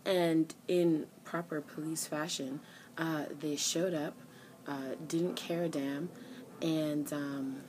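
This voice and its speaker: A young woman tells a story to her camera in an exasperated rant. Her voice sits a little low, and it jumps up sharply when she imitates the other people in the argument. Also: fairly even intonation, slow pace, a little mellow, slight background noise, poor audio. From New York. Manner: exasperated storytelling, acts out both sides of an argument in raised voices. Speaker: vlogger.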